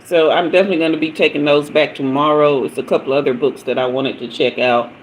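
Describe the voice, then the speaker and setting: A woman's voice: deep voice, fairly even intonation, fast, slight background noise, rough recording. A middle-aged woman, hosting a casual livestream as a tarot reader, chatting and telling stories with frequent laughter. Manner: chatty storyteller, laughs often, greets commenters by name. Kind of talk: casual live-stream chat.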